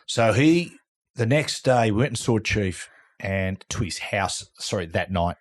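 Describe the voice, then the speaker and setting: A middle-aged Australian man, a former rugby league player, is a guest on a podcast, casually spinning a lively yarn and acting out other people's lines. His voice is lowish and his pace measured.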